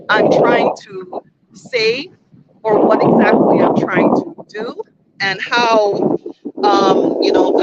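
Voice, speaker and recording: A woman's voice: on the high side, gravelly. A woman vlogging outdoors, talking frankly and reflectively to the camera in a casual way. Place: outdoors on a beach. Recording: dull lo-fi sound with loud outdoor noise.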